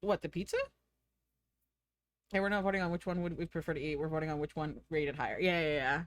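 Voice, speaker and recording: A woman's voice: deep voice, fairly even intonation, quick pace, no room sound, clean studio sound. An American woman streaming live, chatting casually, giggling and thinking aloud.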